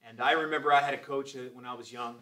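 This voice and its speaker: Racing along in a mid-range voice that is bright and forceful yet fairly even in intonation, a man in his forties teaches church Sunday school. He exhorts emphatically and adds testimony asides, all picked up on a distant mic.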